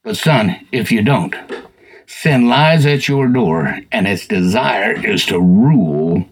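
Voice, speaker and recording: A man voicing God as a stern, fatherly figure, speaking slowly and deeply. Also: lively intonation, breathy edge, exaggerated voice. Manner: slow, deep, paternal. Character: God, stern fatherly male voice warning a son.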